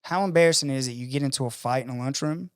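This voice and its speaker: A man spins a long personal story in relaxed podcast talk. He acts out the people in it and curses freely. His mid-pitched voice sounds close and dry, with no room echo. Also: rapid-fire, smooth. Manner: animated storyteller acting out quoted voices, profane. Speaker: podcast guest. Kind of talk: casual storytelling conversation.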